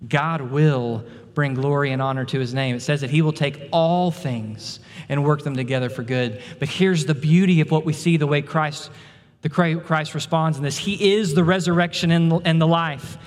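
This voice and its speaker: A man preaching a sermon as pastor, earnest, rising in intensity and then dropping to a hushed, tender tone. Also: a little high, fairly even intonation, moderate pace, long reverb tail.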